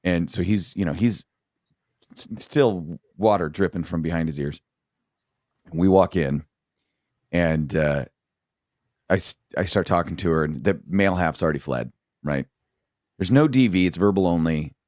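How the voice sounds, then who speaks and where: Middle-aged ex-sergeant guest, very deep voice, blunt and profane, telling stories from the job. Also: male voice, normal speed, long pauses, darkish tone, no echo, studio quality. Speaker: former police sergeant, podcast guest. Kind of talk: casual storytelling in a podcast chat.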